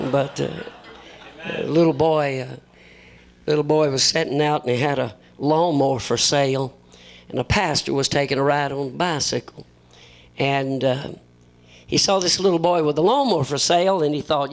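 A man's voice: on the high side, normal speed. A man preaching a folksy sermon, telling humorous stories and acting out the voices of the people in them. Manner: folksy joking, acts out voices in his stories. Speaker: visiting preacher.

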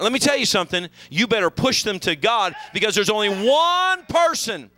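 A high, bright male voice preaching a sermon in a church. He moves from soft, murmured passages to sudden shouted climaxes, and his pitch roams all over. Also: big pitch swings, normal speed, few pauses, rough recording. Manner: fervent preaching, sweeping from hushed lows to shouted highs. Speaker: pastor. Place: church sanctuary.

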